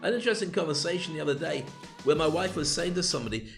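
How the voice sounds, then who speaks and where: A man's voice: a little high, animated, rapid-fire, gravelly, fairly bright tone, faint music behind. A middle-aged man hosting a live self-help show, giving a candid motivational monologue with stories and numbered points.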